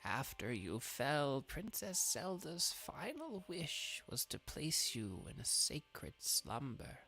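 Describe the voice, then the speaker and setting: A man voicing a very old wise woman elder who speaks slowly in a hushed, solemn way. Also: fairly high pitch, huge pitch swings, vocal fry, faint music behind, full character voice.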